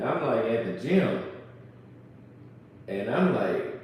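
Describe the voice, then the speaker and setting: A man's voice: medium pitch, big pitch swings, normal speed, pauses often, darkish tone, slight background noise. A man talking casually and bluntly, rambling and crude, mocking others by quoting them in put-on voices. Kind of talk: casual chat. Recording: echoey room, voice from far off.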